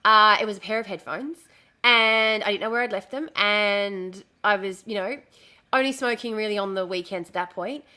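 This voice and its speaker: A woman's voice: mid-range voice, normal speed, sharp tone. A woman live-streaming casually from home, talking in a chatty, easily distracted way, swearing and restarting her sentences.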